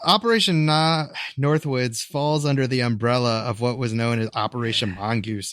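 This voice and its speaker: Male podcast co-host, mid pitch, rambling and filler-heavy, dry recording. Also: fairly bright tone, clean tone, no echo. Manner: rambling, halting explanations with many fillers. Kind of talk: casual podcast explanation.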